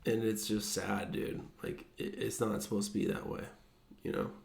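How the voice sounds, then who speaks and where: A man's voice: fairly low pitch, steady tone, moderate pace, vocal fry, a little mellow. A young man co-hosting a podcast in laid-back casual chat, dropping "man" and "dude". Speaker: podcast co-host. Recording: echoey room.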